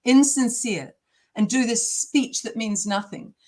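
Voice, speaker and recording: A woman's voice: fairly high pitch, unhurried, a little mellow. Impassioned woman. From New Zealand. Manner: emphatic, emotional, indignant. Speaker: interview guest. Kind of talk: impassioned interview talk.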